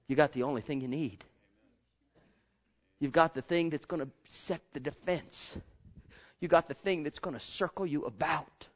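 A male preacher with a somewhat high voice delivers a fervent sermon. He drifts between soft, intimate murmurs and loud, ringing exhortations. The recording is dull and lo-fi. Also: normal speed.

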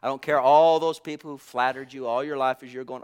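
A man preaching a sermon with emphatic, drawn-out phrases, swinging between loud bursts and soft asides, chuckling now and then. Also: mid-range voice, fairly even intonation, clean tone.

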